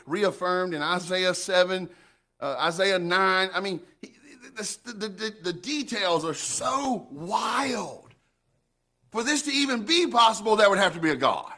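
A middle-aged pastor with a high voice preaches a sermon in an animated, folksy manner, frequently repeating words as he builds momentum.

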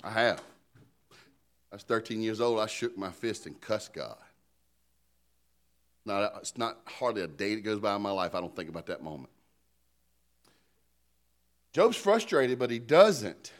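Animated joking preacher man, lively pitch. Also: unhurried, long pauses. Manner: animated, joking, conversational preaching with call-and-response. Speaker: pastor. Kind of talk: sermon.

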